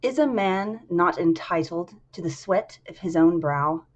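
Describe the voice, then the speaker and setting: A woman's voice: on the low side, animated, a little slow, lo-fi sound. A woman voicing a grandiose male city founder in a proud, declamatory speech.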